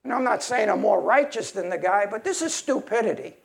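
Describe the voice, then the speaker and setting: A man's voice: sits high, lively intonation, a little fast, vocal fry. A man preaching a sermon in a heated, emphatic way, often restarting his sentences.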